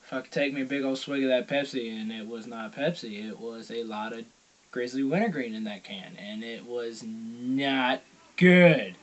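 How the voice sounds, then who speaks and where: A young man telling a rambling story in a casual vlog, swearing constantly and acting out loud quotes. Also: medium pitch, brisk. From Georgia, US. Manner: profane, rambling, heavy swearing. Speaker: vlogger.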